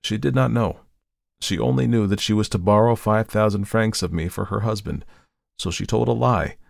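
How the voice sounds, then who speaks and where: A man reading a first-person story aloud with measured, steady narration. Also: lowish voice, gravelly, no room sound, studio quality. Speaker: audiobook narrator.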